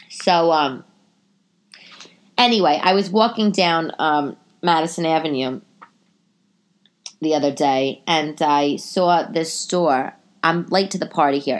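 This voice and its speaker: A woman in her forties, stuffy-nosed, chatting to listeners from her living room in a slightly low voice. She rambles through tangents and corrects herself as she goes, then jumps up in pitch whenever she wants to make a point. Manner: animated, pitch jumping up for emphasis. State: stuffy nose. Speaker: podcast host and stand-up comedian. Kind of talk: casual monologue to listeners.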